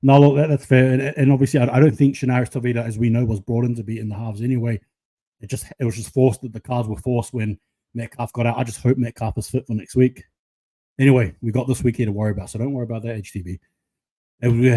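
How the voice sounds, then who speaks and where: A man giving live, chatty play-by-play of a rugby league match to viewers from his own channel. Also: medium pitch. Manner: excitable, chatty, casual play-by-play. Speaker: live reaction commentator.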